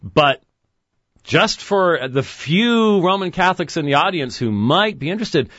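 A man's voice: a little high, dry recording. A man hosting a call-in webcast in a studio, talking casually with sarcastic asides. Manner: sarcastic, lively, quick asides and chuckles. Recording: dull dry studio sound.

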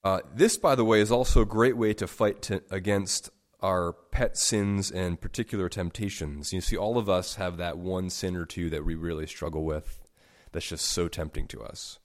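A man preaching a sermon, stressing words by stacking them and swinging sharply between soft and loud. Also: low-pitched, steady tone, moderate pace. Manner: emphatic, with sharp swings in loudness. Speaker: pastor.

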